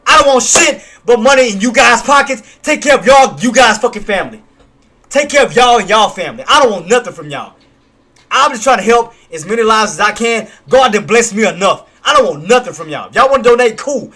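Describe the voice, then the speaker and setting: A man hosting a live trading stream, hyped and slangy, shouting and laughing between chart calls. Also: extremely high pitch, expressive, a little fast.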